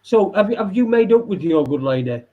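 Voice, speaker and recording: High-voiced teasing male host. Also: very animated, moderate pace. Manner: blunt, teasing, swears casually. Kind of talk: casual chat. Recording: dull lo-fi audio.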